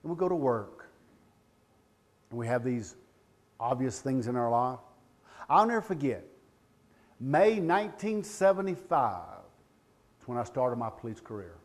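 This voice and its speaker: A man, giving a live training talk as a law enforcement trainer, animated and joking, calling out questions to the crowd. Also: medium pitch, a little slow, pauses often. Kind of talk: live seminar talk to an audience. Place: room with a live audience.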